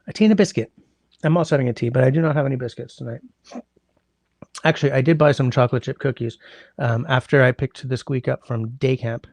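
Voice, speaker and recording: A man with a middle-pitched, gravelly voice hosts a relaxed livestream from home, greeting viewers one by one and humming as he scrolls through chat. His sinuses are congested, and the sound is dry and close. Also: quick pace, no echo. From Canada. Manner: rambling, greets chatters by name, hums while scrolling. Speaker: livestream host. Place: indoors at home.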